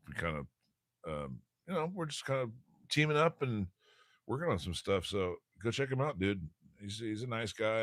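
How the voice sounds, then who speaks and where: Low-voiced man rambling on a live stream. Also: a bit bright, no room sound. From USA. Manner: rambling, frequent fillers and restarts. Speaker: livestream host. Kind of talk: casual live-stream chat.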